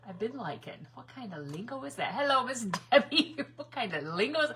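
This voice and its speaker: Bubbly, animated woman livestreaming crafts. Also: a little high, fairly quick, background noise. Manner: bubbly, laughs often, self-correcting rambles. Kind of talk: chatty live crafting demo, greeting viewers.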